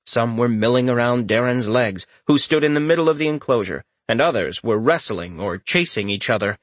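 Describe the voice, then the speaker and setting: Male narrator, mid pitch, dry studio sound, wry fantasy audiobook reading. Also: animated, moderate pace, no room sound.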